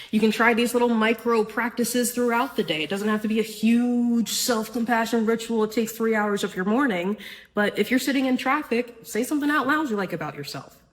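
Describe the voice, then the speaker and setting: A woman's voice: on the high side, poor audio. A woman hosting a spiritual self-help podcast, talking in an earnest, casual way with a frequent "right?" and the odd swear word. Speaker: podcast host.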